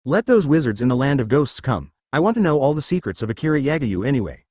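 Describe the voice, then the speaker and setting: A man's voice: medium pitch, very animated, fast, darkish tone, dry recording. A man reading as an impatient ninja leader. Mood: exasperated. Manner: exasperated, pressing.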